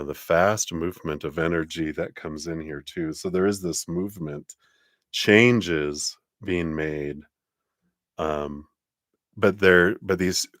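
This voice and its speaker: A man with a very low voice gives a live tarot reading. He talks in a chatty, loose way, laughing often and leaning on fillers. The sound is close and dry. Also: a bit bright, dry recording. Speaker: tarot reader.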